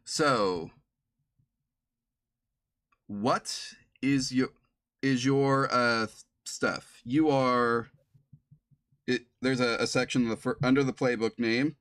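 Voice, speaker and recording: A man's voice: mid-range voice, takes it slowly, pauses often, fairly bright tone, no room sound, clean studio sound. Laughing man running a tabletop game. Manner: laughing often, rambling restarts. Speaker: game master. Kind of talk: running a tabletop playtest on stream. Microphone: streaming mic.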